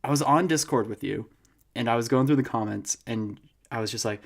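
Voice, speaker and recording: A young man co-hosting a podcast in casual chat, telling stories with animated laughter. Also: mid-range voice, fairly quick, creaky. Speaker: podcast co-host.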